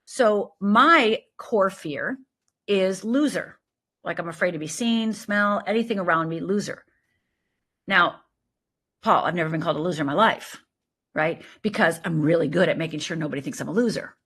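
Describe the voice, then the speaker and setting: Middle-aged lady coach, lively and emphatic, kinda breathy voice. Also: on the low side, moderate pace. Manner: animated, emphatic, lively storytelling with quoted voices. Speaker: life coach guest. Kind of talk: conversational interview.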